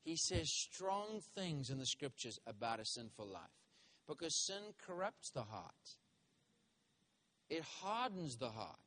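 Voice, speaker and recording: A man preaching a sermon as a minister, reading scripture slowly and telling a story that grows loud and heated as he gets worked up. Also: on the high side, a little hiss or hum. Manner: animated storytelling, voice rising sharply when worked up; reads scripture slowly and deliberately.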